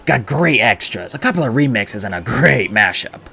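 A man's voice: medium pitch, sing-song, normal speed, vocal fry, bright, forceful tone, a little hiss or hum, full character voice. A man voicing a cheerful, easygoing immortal showman with a breezy manner.

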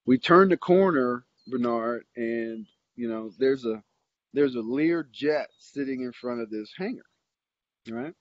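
A man's voice: mid-range voice, measured pace, no echo, muffled recording. A middle-aged man, a football coach, telling a long rambling story with lots of fillers and restarts. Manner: rambling, animated anecdote with many fillers and restarts. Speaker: interview guest, football coach. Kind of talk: casual storytelling.

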